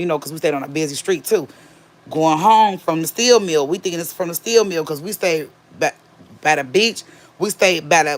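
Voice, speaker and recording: A woman from the Gary, Indiana area telling a personal story in a chatty, emphatic way, repeating key phrases. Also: lowish voice. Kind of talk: casual storytime.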